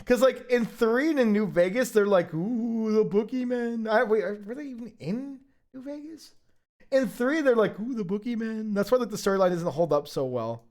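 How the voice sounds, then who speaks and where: A male streamer in casual livestream chat, rambling and profane as he gets excited. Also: high-pitched, moderate pace.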